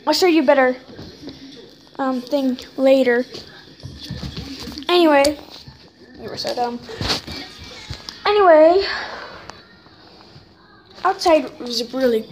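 A sixth-grade girl rambles casually in a home vlog, plugging every gap with "anyway." Her voice is high, and there's noise in the background.

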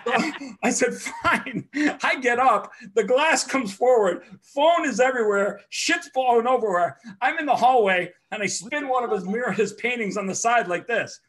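A man telling a personal story in a casual talk, animated and profane, acting out the other people in it and laughing along the way. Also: very high-pitched, normal speed, few pauses. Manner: excitable, swears often, acts out other people's lines with shouting and laughter. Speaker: podcast host telling a story.

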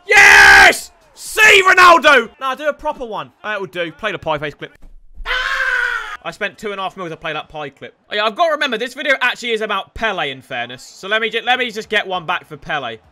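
Excitable sweary young man. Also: high voice, fast, hardly any pauses. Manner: excitable, sweary, shouts at players. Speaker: gaming streamer. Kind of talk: live gameplay commentary.

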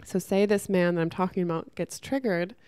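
A woman talking casually to camera about spiritual growth, chatty and soft, often saying "like" and restarting her sentences. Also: lowish voice, fairly quick, clear, resonant tone, dry recording. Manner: chatty, many "like" fillers and restarts.

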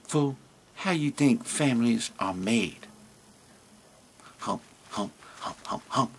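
A man voicing a cocky, lovesick male dromedary camel that mumbles low and calls others fool. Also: expressive, slow pace, slight background noise. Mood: smug.

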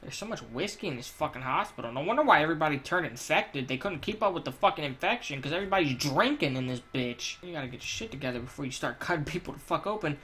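A man's voice: fairly high pitch, animated, quick pace, hardly any pauses, sharp tone, a little hiss or hum. A man giving crude, profane let's play commentary while he plays, ranting and joking. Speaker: gamer.

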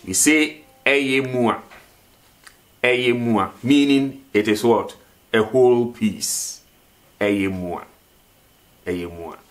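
A man teaching a vocabulary lesson, repeating each word and asking questions for the learner to answer. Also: mid-range voice. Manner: slow, repeats words and asks questions. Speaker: language teacher.

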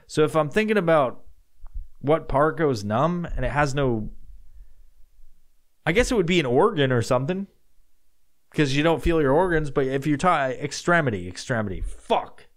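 A man's voice: fairly high pitch, lively intonation, normal speed, long pauses. A man hosting a casual solo podcast, rambling and swearing as he answers listener questions. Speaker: podcast host.

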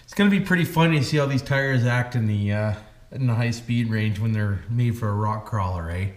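His voice is mid-range and a little fast. The Canadian man is vlogging on his hobby channel about an RC truck he's working on, joking folksily and often saying "boys" and "why wouldn't we," with echo and background noise in the room.

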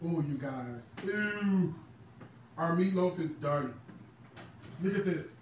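A man's voice: a little high, measured pace, recorded from a distance, noisy background. A man hosting a casual cooking demonstration, chatting to viewers with lots of exclamations as he shows off his cookbook recipes. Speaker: cooking show host and cookbook author. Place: kitchen. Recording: echoey room.

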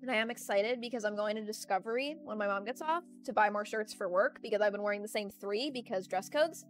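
A woman's voice: medium pitch, fast talker. A young adult woman streaming from home, chatting casually in a ranting, talkative way and laughing often. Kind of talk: casual chat. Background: faint music playlist.

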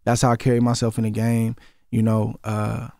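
Speaking at a moderate pace in a creaky, slightly mellow mid-range monotone, a forties-aged former boxer from Oakland, California talks with his Bay Area accent. He's a guest in a relaxed radio studio interview, earnest and prone to repeating words as his argument builds. There's no room sound on the studio microphone.

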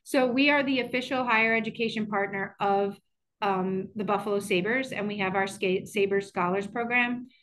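A woman's voice: mid-range voice, normal speed, a bit bright. A woman who works as a college administrator, giving an online information session in a chatty way, full of fillers and restarts.

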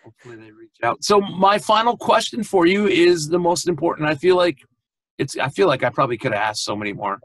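A male interviewer with a somewhat husky voice, recorded dry and close on a video call. He asks long, chatty questions and corrects himself as he goes. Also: fairly high pitch, lively intonation, brisk, a bit bright, no echo. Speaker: interviewer, podcast host. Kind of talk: casual interview.

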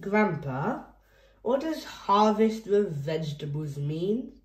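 A woman's voice: mid-range voice, expressive, takes it slowly, darkish tone, roomy sound. A woman voicing a cheerful, curious little girl piglet in a storybook read-aloud.

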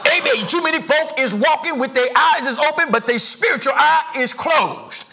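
A middle-aged male pastor preaches a sermon in a church sanctuary at a moderate pace, his gravelly voice pitched strikingly high for a man. Bright and forceful, his delivery swells into sing-song rises and bursts of shouting.

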